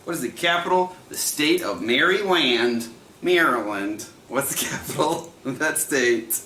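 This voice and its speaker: A man's voice: on the high side, animated, moderate pace, pushed and bright, echoey room, a little hiss or hum. A man in his thirties hosting a livestream trivia night, chatty, laughing often and repeating each question.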